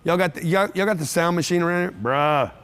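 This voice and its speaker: Brash seminar speaker, man, high pitch, blunt and profane, talks to a live crowd. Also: fairly even intonation, fast talker, a bit bright, clean tone. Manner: brash, blunt and profane, with repeated rhetorical questions. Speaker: motivational speaker. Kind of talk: live seminar talk to an audience. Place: event room with a live audience.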